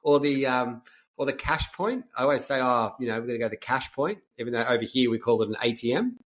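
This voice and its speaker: A man's voice: mid-range voice, fast talker, a bit bright. A man with an Australian accent, a podcast host chatting in a friendly, matey way with lots of fillers. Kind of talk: casual chat.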